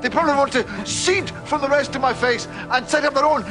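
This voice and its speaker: A man's voice: very high-pitched, quick pace. An actor playing a newly regenerated alien Time Lord, a cranky, perplexed man with a Scottish accent, in a TV drama clip. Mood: indignant. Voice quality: theatrical, swooping delivery. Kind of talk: TV drama acting. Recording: TV drama clip with music behind.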